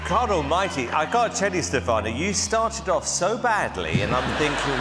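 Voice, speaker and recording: A male talent show judge giving a slow, emphatic verdict. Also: fairly high pitch, big pitch swings. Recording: echoey theatre with loud music.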